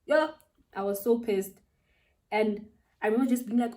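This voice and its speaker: Doing her makeup on camera, a young South African woman who vlogs about beauty recounts a story with lively, slang-heavy energy and plenty of laughter. She speaks at a normal speed in a fairly high voice, recorded from a distance.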